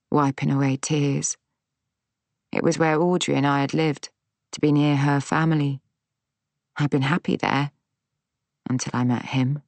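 A woman reading a story aloud as narrator, unhurried, giving the characters' lines light voices. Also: low voice, level tone, dry recording. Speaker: audiobook narrator. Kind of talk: scripted narration.

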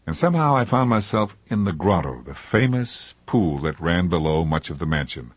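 Deadpan older man, low husky voice. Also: normal speed, dry recording. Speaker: narrator. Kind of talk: comic memoir narration.

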